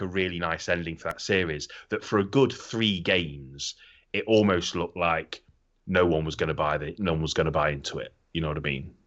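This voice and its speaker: A man co-hosting a podcast, chatting casually in a rambling, animated way and swearing freely. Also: sits low. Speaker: podcast co-host. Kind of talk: casual chat. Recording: slightly dull lo-fi audio.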